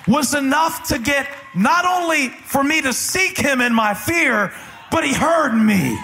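High-voiced man preaching with fire. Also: animated, measured pace, some chatter behind, slight background noise. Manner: passionate, often shouting and breaking into sung cadence; playful asides to the congregation. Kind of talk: live sermon. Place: church sanctuary before a congregation.

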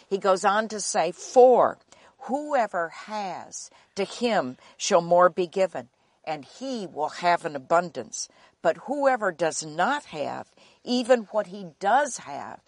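Woman, sermon, slow deliberate delivery, earnest and emphatic, dry close sound. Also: lowish voice, very animated, no echo. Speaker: Bible teacher.

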